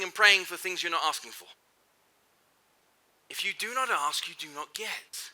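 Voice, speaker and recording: A middle-aged keynote speaker addresses a live audience in a large hall, his voice high, bright, and forceful. His motivational talk is emphatic and repetitive, repeating phrases for effect and firing questions at the crowd.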